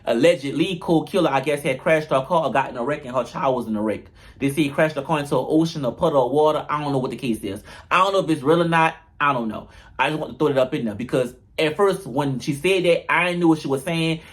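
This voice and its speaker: Brief: male recap host, high pitch, sassy and profane. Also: quick pace. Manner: sassy, profane, jumps into mocking quoted voices. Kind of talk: animated comedic recap.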